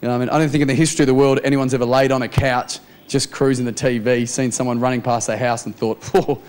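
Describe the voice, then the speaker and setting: A man's voice: mid-range voice, little pitch movement, fast talker, a little mellow, smooth. An Australian man doing a chatty, self-mocking stand-up set in a TV studio. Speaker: stand-up comedian. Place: TV studio with live audience.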